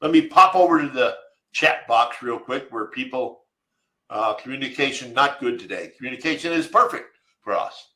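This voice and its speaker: Bright-voiced man hosting a webinar. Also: medium pitch, animated, moderate pace, reverberant, rough recording. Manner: reads chat questions aloud, answers emphatically. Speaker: webinar co-host. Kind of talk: live webinar Q&A.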